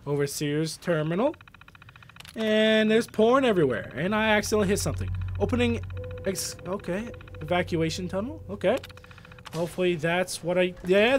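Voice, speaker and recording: Loud, swearing young gamer man. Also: high voice, slight background noise. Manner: loud, profane, animated reactions. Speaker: gaming video host. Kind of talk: let's play commentary.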